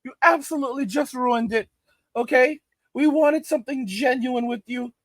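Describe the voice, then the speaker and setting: A man putting on a mocking, high falsetto voice of a wounded, dramatic woman. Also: normal speed, no room sound. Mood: mock hurt. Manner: sing-song falsetto mockery.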